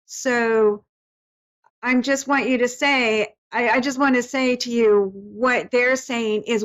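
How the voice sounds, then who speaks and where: A woman's voice: fairly high pitch, fairly even intonation, takes it slowly, poor audio. A woman hosting a call-in psychic reading, talking in a soothing, reassuring way with many fillers and restarts. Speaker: psychic medium host.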